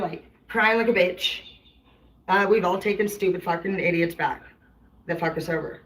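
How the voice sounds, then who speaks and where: A woman's voice: lowish voice, normal speed, fairly bright tone, rough recording. Blunt, foul-mouthed woman streamer. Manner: profane, blunt and rambling, heavy swearing. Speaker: tarot reader and live streamer. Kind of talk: casual rambling monologue to viewers.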